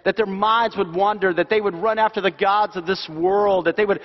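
Man, pastor, sermon, fairly high voice, long church reverb, dull sound. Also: normal speed. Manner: animated, repeats key phrases for emphasis. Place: church sanctuary.

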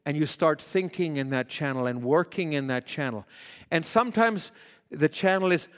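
A man preaching a sermon, swinging from loud exhortation to hushed, acted-out quotes. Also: a little high, lively intonation, moderate pace. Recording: long hall reverb.

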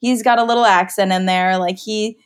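A woman's voice: mid-range voice, fairly even intonation, a little fast, slight background noise. A woman from California, a pet-owner guest in a casual interview, talking in a bubbly, giggly way with lots of "like". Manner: bubbly, giggly, heavy use of "like".

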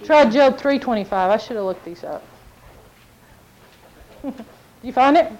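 A woman's voice: a little high, slow pace, muffled recording. A woman preaching a sermon, telling stories and acting out what people said. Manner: animated storytelling, acts out quotes.

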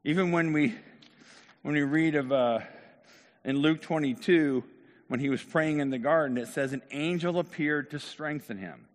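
A man's voice: a little high, moderate pace. A man preaching a sermon, speaking in a conversational way and talking directly to his congregation. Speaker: pastor. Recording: long hall reverb.

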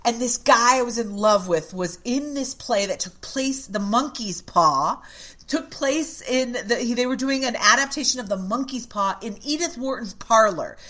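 A middle-aged woman, a podcast guest, telling a story in a casual, animated way, with swearing and acted-out quotes of her younger self. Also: on the high side, normal speed.

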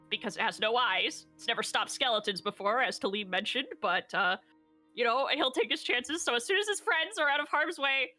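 Bright animated woman recapping a game. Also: fairly high pitch. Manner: animated, laughing, swearing, acting out quotes. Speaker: player recapping a tabletop game. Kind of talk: casual recap narration.

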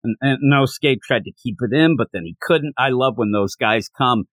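A man's voice: mid-range voice, normal speed, fairly bright tone, no echo. A man co-hosting a podcast, chatting casually as he recaps a manga chapter and slips into character voices while retelling it. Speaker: podcast co-host.

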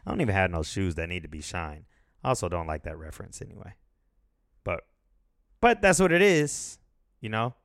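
A man's voice: sits low, sing-song, a little fast, pauses often, fairly bright tone, no echo, studio quality. A man in his thirties hosting a casual podcast, rambling, swearing freely and laughing as he goes. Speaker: podcast host. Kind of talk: casual chat.

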